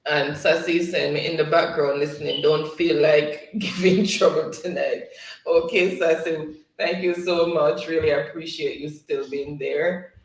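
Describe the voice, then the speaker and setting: A man's voice: fairly high pitch, steady tone, unhurried. A man hosting a casual livestream, reading viewer comments aloud and laughing often between them. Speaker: livestream host. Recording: roomy, distant from the mic.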